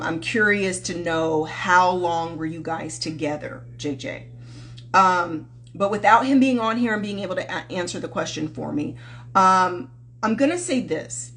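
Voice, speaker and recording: A woman's voice: on the low side, slight background noise. A woman love coach hosting a live-stream Q&A, chatting casually and affectionately with viewers and calling them sweetheart.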